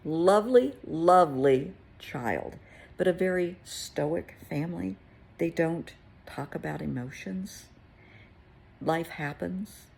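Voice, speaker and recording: A woman therapist telling a client story in a casual, conversational way, with gentle emphasis. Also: fairly low pitch, lively intonation, slow, gravelly, breathy edge.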